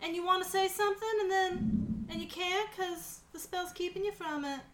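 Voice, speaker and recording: A woman's voice: very high voice, steady tone, moderate pace, a little hiss or hum. A woman playing a tabletop game in casual chat, giggly and playful. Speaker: player. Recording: echoey room.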